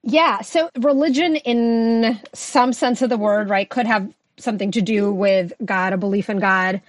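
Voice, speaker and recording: A woman's voice: mid-range voice, unhurried, no room sound. A woman who grew up in Russia, talking as a podcast guest in a reflective, easygoing way that often breaks into laughter. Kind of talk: conversational podcast interview.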